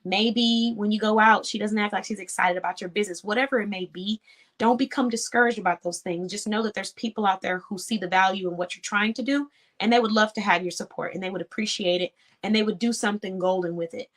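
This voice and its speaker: A woman's voice: medium pitch, steady tone, fast, fairly bright tone. A woman hosting an online show, giving an earnest, encouraging talk to small business owners in a casual, conversational way. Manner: earnest, encouraging, laughs easily. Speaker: host.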